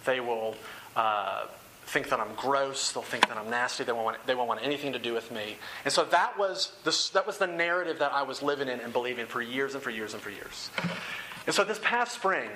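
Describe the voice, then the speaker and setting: Earnest young preacher, bright and forceful. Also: male voice, mid-range voice, animated, a little fast, slight background noise, poor audio. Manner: earnest, conversational preaching with repeated phrases. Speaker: campus ministry speaker. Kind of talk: sermon. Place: room with rows of chairs.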